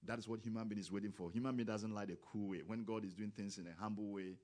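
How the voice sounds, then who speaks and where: A male preacher delivering a sermon in a somewhat low voice. He talks with grammar and acts out the voices he quotes. His delivery is emphatic and keeps building to loud exclamations. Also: steady tone, fast.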